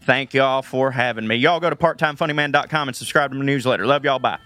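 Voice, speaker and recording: A man with a Southern accent, a comedian guest in a casual radio interview, talking in an animated, joking way and laughing often. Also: medium pitch, fast talker, no echo, soft background music.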